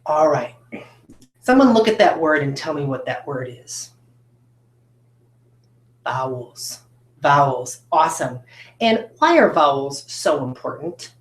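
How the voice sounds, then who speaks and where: A woman teaching a recorded phonics lesson at a whiteboard, talking to students with encouraging, drawn-out questions. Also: low-pitched, lively intonation, echoey room. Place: classroom with a whiteboard.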